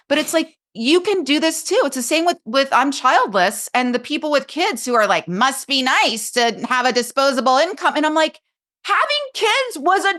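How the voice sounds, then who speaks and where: A woman's voice: fairly high pitch, fairly bright tone. Earnest, emphatic woman coach talking. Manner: earnest, emphatic and openly emotional. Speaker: coach and podcast guest. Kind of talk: casual podcast conversation.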